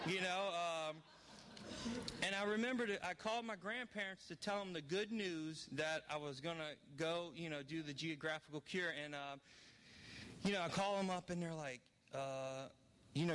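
A man's voice: on the high side, moderate pace, fairly bright tone, smooth. A middle-aged man from New Orleans telling his recovery story to an audience, candid and rambling with self-deprecating humor. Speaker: recovery speaker. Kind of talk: personal testimony to an audience.

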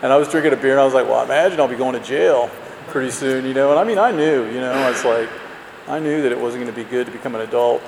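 A man's voice: medium pitch, rapid-fire, vocal fry. A man telling a candid, self-mocking personal story to an audience, rambling with lots of fillers. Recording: roomy hall, faint background noise.

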